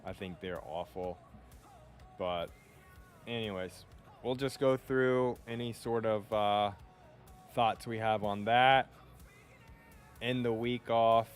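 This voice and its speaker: A man's voice: lowish voice, takes it slowly, long pauses, soft background music. A man hosting a podcast, talking loosely and offhand with plenty of fillers. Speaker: podcast host. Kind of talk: casual chat.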